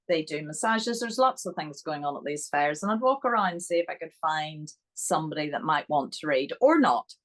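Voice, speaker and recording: Low-voiced Northern Irish woman. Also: low-quality recording. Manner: animated, chatty anecdotes. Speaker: guest. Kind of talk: podcast interview storytelling.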